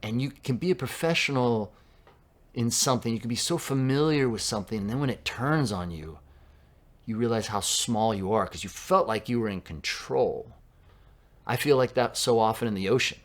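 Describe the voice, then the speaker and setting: A man from Southern California preaching a sermon in a conversational way, dropping to a hush for quoted lines. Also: mid-range voice, normal speed. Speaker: pastor.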